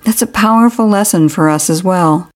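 A woman hosting, offering a calm, reflective devotional commentary. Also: on the low side, normal speed. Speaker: host.

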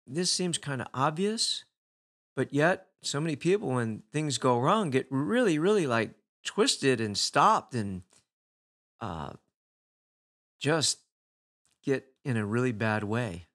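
A man speaking at a middle, unremarkable pitch in a reflective motivational talk. He keeps it conversational and leans on rhetorical questions to draw the listener in. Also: fairly bright tone.

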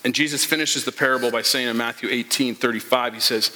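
A man's voice: medium pitch, fairly even intonation, fast talker, few pauses, pushed and bright. A man preaching a sermon as a pastor, retelling a parable and acting out the characters' lines. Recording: long hall reverb.

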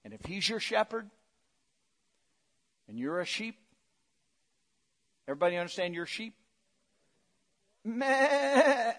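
A middle-aged male pastor preaching a sermon, swinging between loud emphatic lines and quiet low asides, coaxing the congregation to respond. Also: animated, takes it slowly, long pauses, big-room sound. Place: church sanctuary.

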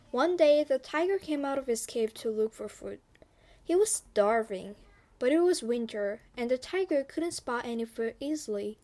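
A woman reading a folktale aloud as a storyteller, slow and expressive. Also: on the high side.

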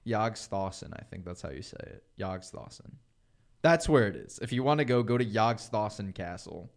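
Young guy hosting a podcast, low voice that swings all over, laughs a lot. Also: moderate pace, gravelly. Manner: laughing, lively, stumbles over pronunciations. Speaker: podcast host. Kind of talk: casual chat.

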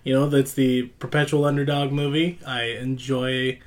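A man's voice: mid-range voice, flat delivery, normal speed. Male podcast co-host, dry and playful, casual movie talk. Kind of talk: casual movie review chat.

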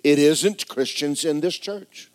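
A middle-aged man preaching a folksy, joking sermon in a church, swinging between loud exhortation and quiet asides. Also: on the high side, slow. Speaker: pastor.

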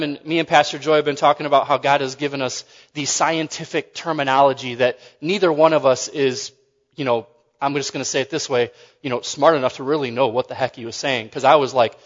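A man's voice: mid-range voice, steady tone, fairly quick, long reverb tail, lo-fi sound. A man preaching a sermon in a loose, conversational way, joking and often restarting his phrases.

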